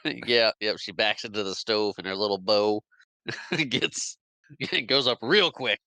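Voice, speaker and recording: A man's voice: lowish voice, unhurried, pushed and bright, no room sound. A man co-hosting a podcast, chatting casually about a movie, chiming in with short replies and laughing often. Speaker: podcast co-host.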